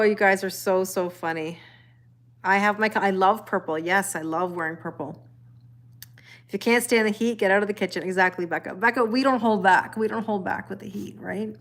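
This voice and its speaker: A woman's voice: mid-range voice, a bit bright. Chatty woman greeting live-stream viewers. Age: middle-aged. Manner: chatty, greets viewers by name, laughs often. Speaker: tarot reader livestream host. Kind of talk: casual live-stream chat reading out viewer comments.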